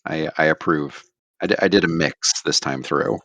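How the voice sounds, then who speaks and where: A man's voice: rumbling low, normal speed, fairly bright tone, no room sound. A man hosting a casual book podcast, leading the discussion with dry, wry asides. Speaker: podcast host.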